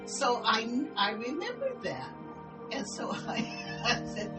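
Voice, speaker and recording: An older grandmother tells a story with a voice that rises and falls a lot, giggling as she goes. She talks casually with her co-host, and music plays clearly underneath. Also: on the high side, huge pitch swings, slow pace, low-quality recording. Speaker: podcast co-host.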